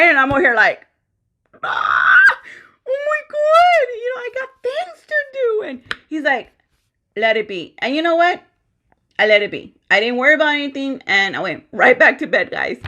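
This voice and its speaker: Bright-voiced chatty woman in her thirties. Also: medium pitch. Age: 30s. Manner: chatty, addresses viewers as guys, acts out dialogue. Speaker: vlogger sharing a personal story. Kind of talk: casual personal vlog.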